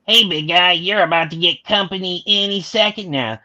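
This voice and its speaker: A man's voice: high voice, moderate pace, sharp tone, lo-fi sound. A man voicing a strange, robotic woman on a comms channel while reading a comic aloud, with an odd computer-like delivery. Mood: urgent.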